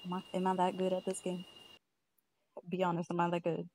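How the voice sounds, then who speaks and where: A woman chatting casually while playing a video game with her sister, excitable and prone to loud outbursts and repeated catchphrases. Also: on the low side, brisk, slight background noise, low-quality recording. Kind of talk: casual gameplay chat.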